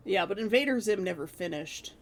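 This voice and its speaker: A woman in her thirties chatting casually with her stream viewers, animated and laughing often. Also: medium pitch, brisk.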